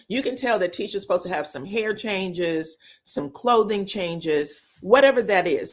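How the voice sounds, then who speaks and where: A woman recapping reality TV drama in casual gossip, telling it with energy and swearing freely. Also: medium pitch. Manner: animated storytelling, swears freely, acts out what others said; keeps checking in with "you know what I'm saying". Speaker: reality TV commentator.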